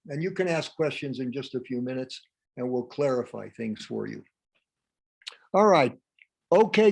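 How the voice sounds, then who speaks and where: A man presenting a live workshop in a quick, lively, humorous way. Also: on the high side. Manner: fast, lively, humorous delivery; acts out example dialogues with a raised voice.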